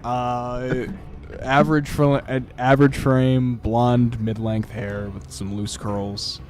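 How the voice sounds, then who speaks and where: A man's voice: mid-range voice, flat delivery, slow, crowd noise. Rambling man running a tabletop game. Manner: rambling, filler-heavy narration. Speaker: game master. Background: background music.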